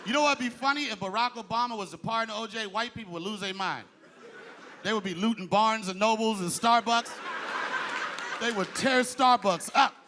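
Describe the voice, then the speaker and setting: A man performing a stand-up comedy set on a club stage with a handheld mic, loud and animated. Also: high voice, fairly quick, slight background noise. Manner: animated, loud, jumps into impressions. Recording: live club with loud crowd laughter.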